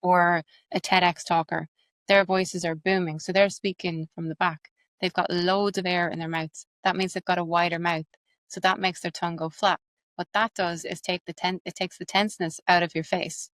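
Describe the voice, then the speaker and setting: An Irish woman explains accent work with quick, lively energy, using examples. Her voice sits a little low. The sound is close and dry. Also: dry recording. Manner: fast, animated, explains with examples. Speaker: accent coach and actress, guest. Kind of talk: explanatory interview talk.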